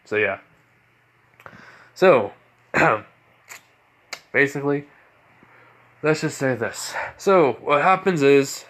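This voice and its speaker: A man's voice: mid-range voice, fairly bright tone. A man narrating an improvised fan story in a casual, rambling way, with many fillers and restarts.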